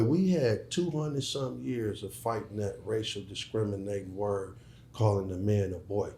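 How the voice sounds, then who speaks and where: A man's voice: on the low side, normal speed, mellow, reverberant, a little hiss or hum. A middle-aged man speaking as an interview guest, emphatic and profane, often repeating words as he starts a sentence. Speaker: guest, former hustler turned entrepreneur. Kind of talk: casual interview talk.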